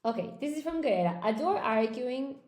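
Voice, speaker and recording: A woman's voice: high-pitched, lively intonation, brisk, a little mellow, reverberant. An Irish woman and English teacher running a live-stream lesson, chatting with viewers, thinking aloud and reading out their comments. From Ireland.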